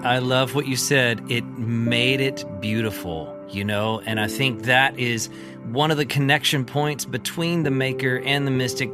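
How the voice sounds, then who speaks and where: A man hosting a podcast, reflecting thoughtfully and affirming his guest. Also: medium pitch. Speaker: podcast host. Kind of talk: reflective conversation.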